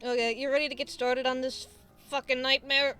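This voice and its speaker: A young woman streamer with a bright, slightly high voice. She chats casually, tripping over her own restarts and dropping swears, and laughs often. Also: little pitch movement, brisk, clear, resonant tone, soft background music. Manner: rambling, self-interrupting, swears and laughs a lot. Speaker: streamer host. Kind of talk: casual chat.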